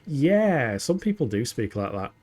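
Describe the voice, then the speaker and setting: A young man streams a game from his home setup, chatting in a playful, giggly way and rambling through his banter. His mid-range voice is very animated and darkish, with a husky edge, and he keeps a measured pace.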